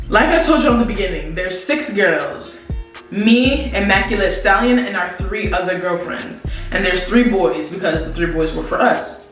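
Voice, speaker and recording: Animated young woman in an echoey room. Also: mid-range voice, moderate pace. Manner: animated, slangy, talks straight to viewers. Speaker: vlogger. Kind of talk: casual storytelling to camera. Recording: very echoey room, distant mic, faint music.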